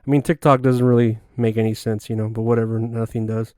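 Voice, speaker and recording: A man's voice: medium pitch, level tone, fast, mellow, dry recording, studio quality. A man hosting a solo comedy podcast, rambling through crude, offhand jokes. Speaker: podcast host.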